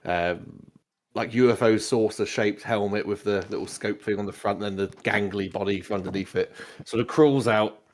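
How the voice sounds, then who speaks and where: A man narrating a tabletop game as game master, in a relaxed, rambling way. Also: lowish voice, normal speed, a little hiss or hum.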